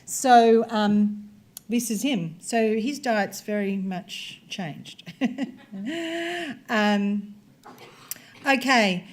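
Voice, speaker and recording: A woman's voice: medium pitch, darkish tone. Woman researcher explaining a workshop. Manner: conversational, explanatory, talks through clips. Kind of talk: conference presentation with video examples.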